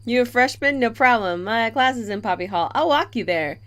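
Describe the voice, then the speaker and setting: A woman's voice: fairly high pitch, animated, moderate pace, fairly bright tone. A woman voicing a friendly, upbeat young man in a game who offers to guide a newcomer. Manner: easygoing, helpful.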